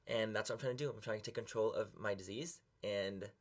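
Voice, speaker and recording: A man's voice: lowish voice, quick pace. A young man talking earnestly and emotionally to camera in a confessional vlog, close to tears and swearing casually. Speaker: beauty vlogger.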